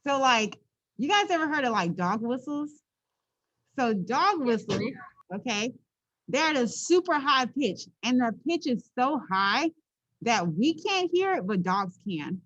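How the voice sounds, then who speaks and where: A woman physics teacher giving a relaxed classroom lecture, playful and chatty, often checking in with her students. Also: a little high, a little slow, dry recording, highs cut off.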